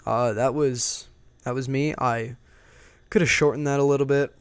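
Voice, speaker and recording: A young man tells a personal story in a loose, rambling way, swearing often and speaking bluntly. His voice sits at an ordinary middle pitch. The sound is dry and close, with no room echo. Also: fairly even intonation, normal speed, clean tone. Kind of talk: casual storytime monologue.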